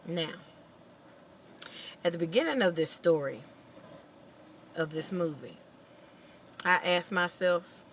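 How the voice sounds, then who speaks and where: A woman vlogger casually retelling a movie plot in an animated, expressive storytelling manner. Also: fairly low pitch, takes it slowly, pauses often, a little hiss or hum, rough recording.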